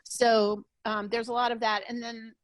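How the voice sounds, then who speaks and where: A woman's voice: on the high side, little pitch movement, normal speed, no echo. A woman being interviewed on a podcast over a video call, talking casually with many restarts. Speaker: podcast guest.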